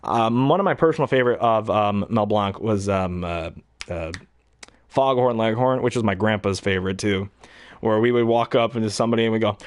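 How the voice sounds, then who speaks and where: A man with a baritone voice, a hobby voice actor chatting casually, who rambles and often clears his throat. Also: a little fast, no room sound. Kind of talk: casual talk to camera.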